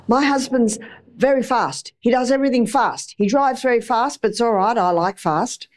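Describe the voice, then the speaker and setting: A middle-aged woman lectures a live audience on health in a chatty, anecdotal way, her voice pitched a little high. She repeats phrases to drive points home and slips into playful asides. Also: moderate pace. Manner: chatty and anecdotal, acts out examples with repetition.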